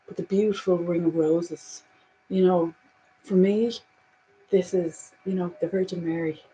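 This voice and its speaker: A woman giving a spiritual oracle card reading, earnest, full of "you know" fillers, moving between hushed passages and emphatic ones. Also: fairly low pitch, steady tone, measured pace, a little hiss or hum, poor audio.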